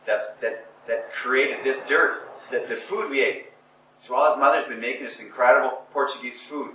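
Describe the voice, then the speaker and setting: A man giving a live motivational talk to an audience, emphatic and repetitive, building to forceful exhortation. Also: medium pitch, moderate pace. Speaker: motivational speaker. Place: indoor conference or seminar room. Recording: echoey room, voice picked up from a distance with faint noise.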